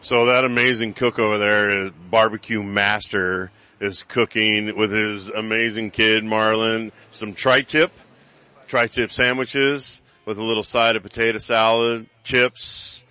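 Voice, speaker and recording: A man with a lower voice and a bright, forward tone, a guest at a bar's grand opening. He talks on live radio in an enthusiastic, laid-back way. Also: level tone, measured pace, clear, resonant tone. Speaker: guest at bar event. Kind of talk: casual live radio chat.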